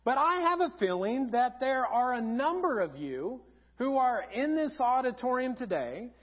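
High-voiced pastor telling funny stories. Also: male voice. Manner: humorous storytelling, animated and lively. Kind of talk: sermon. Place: church auditorium. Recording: dull sound in a reverberant auditorium.

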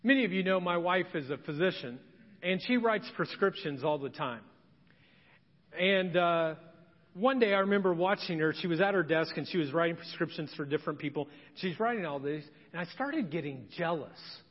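A middle-aged man preaching a sermon as pastor, earnest and conversational, with dramatic pauses. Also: on the high side. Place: church sanctuary. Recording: dull, hall reverb.

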